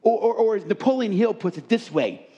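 A man's voice: high-pitched, very animated, fairly quick, dark tone, husky, lo-fi sound. A man preaching a sermon from a stage, emphatic and repeating key words for stress. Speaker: pastor. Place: on a stage before a congregation.

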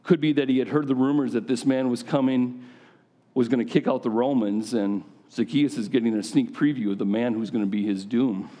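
A man's voice: medium pitch, fairly even intonation, brisk, mellow. A man preaching a sermon to a gathering of men in a conversational style, often putting questions directly to his listeners.

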